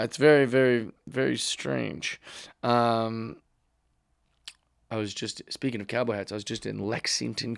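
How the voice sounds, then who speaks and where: A man's voice: medium pitch, dry recording. A man, a comedian hosting his own podcast, talks in a rambling, wry, self-mocking way into a studio mic while wearing headphones. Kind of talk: casual podcast monologue.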